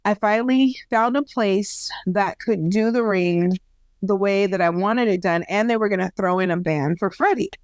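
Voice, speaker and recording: A woman in her thirties co-hosting a casual podcast, telling a story in a lively way and acting out the people she quotes. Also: medium pitch, normal speed, no room sound. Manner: animated storyteller, acts out quoted voices, laughs at herself. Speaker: podcast co-host.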